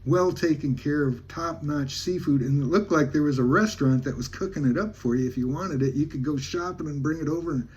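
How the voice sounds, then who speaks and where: A man's voice: a little high, fairly quick, hardly any pauses, a little mellow, breathy edge. A man from Alaska, a travel vlogger, telling a rambling, folksy story in casual talk with many restarts.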